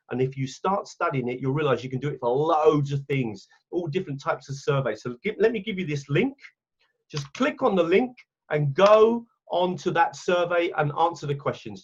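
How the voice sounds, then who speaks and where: A man's voice: fairly high pitch, lively intonation, moderate pace, slightly rough, muffled recording. A man with an English accent leading an online webinar for teachers, chatty and often correcting himself as he clicks through his screen. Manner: chatty, self-correcting, talks while clicking around. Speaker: teacher trainer. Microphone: computer mic on a video call.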